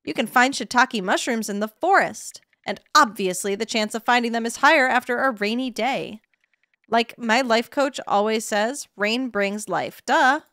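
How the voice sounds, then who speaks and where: A woman's voice: on the high side, moderate pace, bright, forceful tone, no room sound, studio quality. A woman voicing a cheerful female nature show host with a perky, sing-song delivery.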